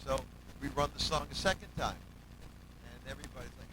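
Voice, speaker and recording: A man who works as a musical director tells stories in a casual interview, speaking briskly over heavy background noise. He's animated, acting out quotes, humming bass lines and counting out beats.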